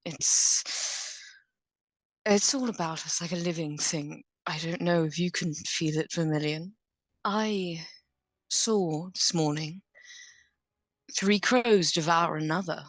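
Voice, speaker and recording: A woman playing in a tabletop game, speaking in character in a hushed, foreboding way. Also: fairly low pitch, takes it slowly, long pauses, dry recording. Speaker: player. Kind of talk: ominous in-character speech.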